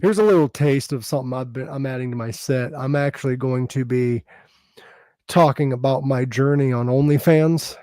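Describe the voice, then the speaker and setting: A man's voice: medium pitch, a little mellow, no room sound. A man hosting a podcast in casual chat, cracking crude jokes and laughing often. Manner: crude, joking, quick to laugh. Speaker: podcast host.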